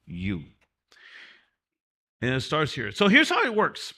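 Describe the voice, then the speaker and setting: His high voice swoops wildly in pitch, bright and forceful at a slightly quick pace. He's a mentoring class teacher giving a motivational lecture, repeating key phrases emphatically and speaking from having been in prison.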